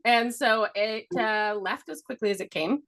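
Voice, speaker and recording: A middle-aged woman co-hosts a podcast, rambling through a story in casual chat, laughing a lot and swearing offhandedly. Her voice is a little high and a bit bright, at a moderate pace.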